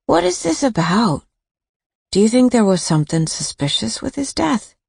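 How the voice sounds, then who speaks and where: A woman's voice: fairly high pitch, sing-song, moderate pace, vocal fry, darkish tone, slightly rough, no echo, clean studio sound, voice pushed up, heavily acted. A woman voicing an older retired nurse who talks in a hesitant, confiding way, in an audiobook.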